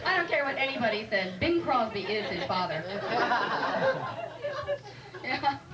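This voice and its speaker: A woman's high voice swings widely in pitch as she moves a little slowly through a stand-up set, chatty and wry, teasing a loud club crowd. It's a live room recording from a distant mic with noticeable noise.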